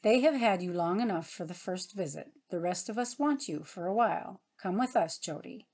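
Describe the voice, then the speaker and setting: A woman reading the part of a playful, affectionate grown brother, voiced a little higher than her narration. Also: animated, husky. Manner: teasing, warm, brisk.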